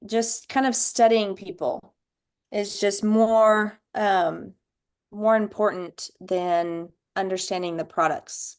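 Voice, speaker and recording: A woman sharing book notes in a casual video-call discussion, unhurried and thoughtful, with many ums. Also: medium pitch, a little mellow, clean tone. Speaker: book study participant.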